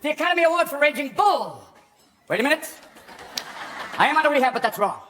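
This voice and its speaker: A middle-aged male comedian riffing rapidly in a comic interview and award-show banter, slipping into silly voices. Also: extremely high pitch, very animated. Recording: noisy archival clips.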